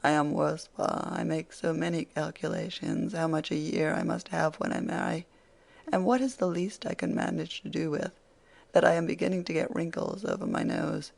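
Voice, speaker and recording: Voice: medium pitch, sing-song, moderate pace, vocal fry, full character voice. An audiobook reader voicing a spirited, teasing young woman who scolds her father playfully.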